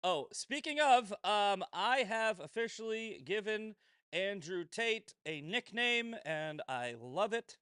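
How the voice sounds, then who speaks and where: A man's voice: high voice, lively intonation, slow pace, fairly bright tone, clean tone, no echo, studio quality. A man hosting a casual commentary show, swearing freely, sarcastic, often breaking into laughter. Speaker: host.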